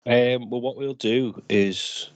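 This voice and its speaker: A man's voice: mid-range voice, steady tone, takes it slowly, no room sound. A man playing in a tabletop game, casually describing what his character does. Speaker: player.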